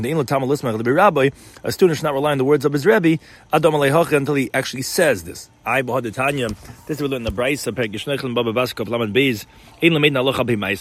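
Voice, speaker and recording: A man explaining a Talmud passage in class, reading out terms and translating them, often repeating words as he goes. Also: mid-range voice. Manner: rapid, mixes Hebrew-Aramaic terms with English, frequent repeated words. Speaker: Talmud teacher.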